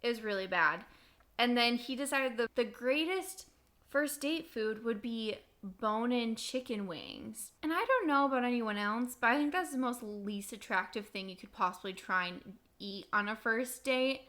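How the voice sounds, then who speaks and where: A young woman co-hosting a podcast, telling a dating story in a chatty, animated way. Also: fairly high pitch, moderate pace. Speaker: podcast co-host. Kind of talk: casual storytelling chat.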